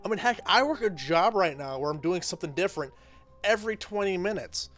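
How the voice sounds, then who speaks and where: Animated high-voiced male commentator. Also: brisk, soft background music. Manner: animated, emphatic, repeats himself for effect. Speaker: host reading and commenting on role-play stories. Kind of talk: casual commentary.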